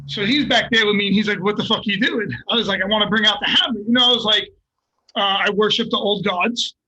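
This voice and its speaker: A middle-aged man, a fighter, telling a story in a casual, profane and animated way and laughing at himself. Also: high voice, quick pace, breathy edge, poor audio. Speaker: guest, MMA fighter.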